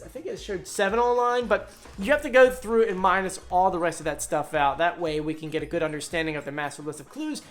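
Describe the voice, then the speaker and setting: A woman vlogger giving an excitable, casual recap commentary, full of quick asides. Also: mid-range voice.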